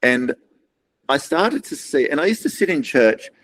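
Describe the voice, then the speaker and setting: A man's voice: fairly high pitch, big pitch swings, unhurried, a bit bright, low-quality recording. A middle-aged man with an Australian accent, a podcast guest telling rambling stories in casual talk and acting out what others said. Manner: rambling, acts out other people's lines in quoted voices. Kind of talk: casual storytelling interview.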